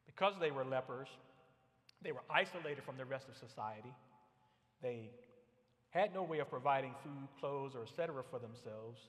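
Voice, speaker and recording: A man's voice: mid-range voice, lively intonation, normal speed, in a large hall. A man preaching a sermon as pastor, earnest and often repeating words as he builds a point. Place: church sanctuary.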